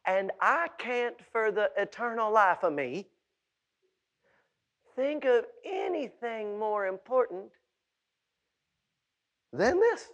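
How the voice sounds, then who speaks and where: Male preacher doing God: wry, teasing, self-assured, high voice, slow. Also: lively intonation, fairly bright tone, muffled recording, heavily acted.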